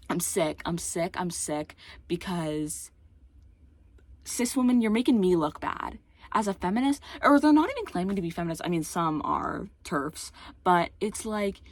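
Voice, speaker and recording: A woman's voice: lowish voice, lively intonation, measured pace. Ranting woman, slightly slurred by a retainer. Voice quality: occasional voice cracks. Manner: heated, exasperated, rambling with many restarts. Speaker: YouTuber. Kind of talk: casual ranting vlog.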